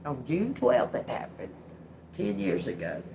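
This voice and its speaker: A woman's voice: rumbling low, huge pitch swings, measured pace, background noise. A middle-aged woman, telling a blunt, profane story to her livestream audience. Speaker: livestream host. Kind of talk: casual storytelling monologue.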